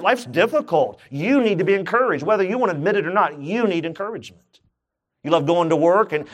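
A man's voice: high voice, a bit bright. A man preaching a sermon, asking his congregation questions and joking as he goes. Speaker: pastor. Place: church.

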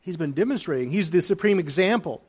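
A male pastor delivers a sermon in a voice pitched a little above most men's. He drops to soft, almost hushed phrases, then lifts into raised, emphatic lines. He repeats key phrases to drive them home. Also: animated, quick pace, husky.

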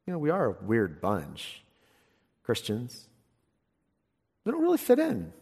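Husky guy preaching, voice swings all over, big echoey hall. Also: mid-range voice, wildly swooping pitch, measured pace. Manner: emphatic, swings from loud exclamations to quiet intense asides. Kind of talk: sermon.

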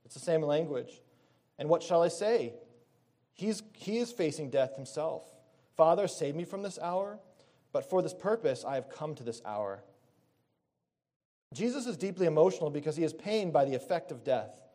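A man preaching a sermon in an earnest, steady manner. His voice sits a little high for a man and has a mellow, warm tone. He reads scripture aloud and stops now and then to correct himself. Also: moderate pace, long pauses.

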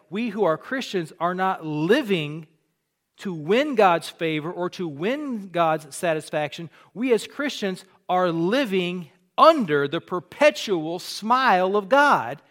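Preacher guy with a high voice, earnest, gets loud and emphatic on the big points. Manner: rising to emphatic peaks on key points; teaching in an earnest conversational tone. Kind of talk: sermon.

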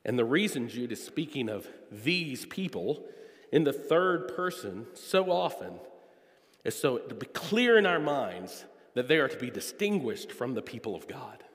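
A man's voice: medium pitch, big pitch swings. A male preacher delivering an earnest expository sermon, drawing out key words for emphasis. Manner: earnest, emphatic, drawn-out stresses. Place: church sanctuary. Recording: long echo of a church hall.

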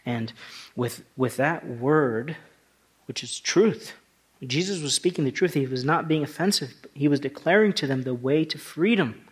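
A man's voice: mid-range voice, normal speed, slightly rough. A male pastor preaching a sermon, talking through scripture in a conversational way that rises to emphatic passages.

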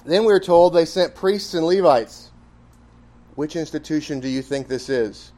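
A man leads a Bible study with a voice that sits a little on the high side for a man. He talks in a conversational, emphatic way, asking the class rhetorical questions and dropping quick asides. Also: dark tone.

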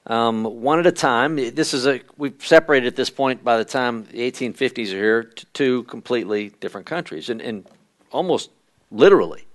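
Guy teaching church history at a midweek service, mid pitch, chatty, lots of ums. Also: moderate pace. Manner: conversational, with frequent fillers, reading quotations aloud.

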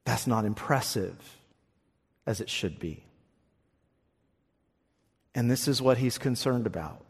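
A man's voice: medium pitch, lively intonation, slow pace, pauses often, breathy edge. A male pastor preaching a sermon with emphatic delivery, often repeating words as he presses a point. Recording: long hall reverb.

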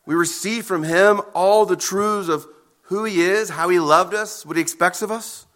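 A man preaching a sermon as pastor, earnest and emphatic, with deliberate pauses between phrases. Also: high voice, fairly bright tone.

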